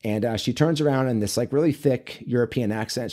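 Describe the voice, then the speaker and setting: A man, a men's coach and author, talking as a podcast guest in a relaxed, chatty way, full of fillers and storytelling. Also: medium pitch, a little fast, hardly any pauses. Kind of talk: casual interview conversation.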